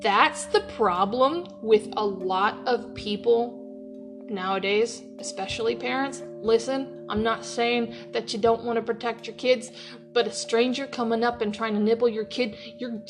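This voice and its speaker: A woman hosting an opinionated podcast rant from her workplace, heated and profane, swinging between yelling and laughing. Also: on the high side, unhurried, over music. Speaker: podcast host.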